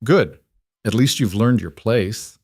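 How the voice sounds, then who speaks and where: A man's voice: lowish voice, slow pace, darkish tone, breathy edge, dry recording, studio quality, full character voice. A man voicing a cold, scheming nobleman who talks down with mockery. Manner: mocking, condescending.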